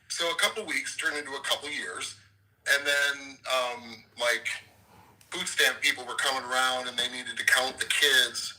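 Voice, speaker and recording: A man's voice: mid-range voice, a little slow, pushed and bright, poor audio. A man from Chicago, a guest, telling his life story casually with many fillers. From Chicago, USA. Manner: rambling, lots of fillers.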